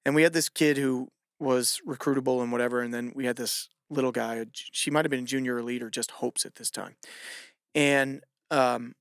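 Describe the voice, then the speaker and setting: A man who hosts a podcast and coaches gymnastics, telling stories in casual chat and acting out lively quotes. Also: mid-range voice, brisk, clear, resonant tone, no echo, clean studio sound. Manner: animated, acts out shouted quotes.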